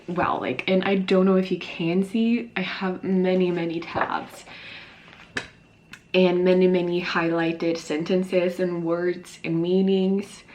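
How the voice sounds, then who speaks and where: Slow-talking tearful young woman. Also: lowish voice, slight background noise. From Sweden. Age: early 20s. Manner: emotional, halting, many fillers and sighs. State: tearful after crying. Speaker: book vlogger. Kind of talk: emotional reading vlog. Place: alone at home talking to camera.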